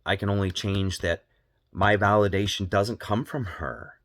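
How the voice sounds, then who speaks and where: A man's voice: lowish voice, fairly even intonation, measured pace, fairly bright tone, no room sound, studio quality. A man talking candidly as a parenting vlogger, earnest, repeating phrases for emphasis. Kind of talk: candid personal monologue.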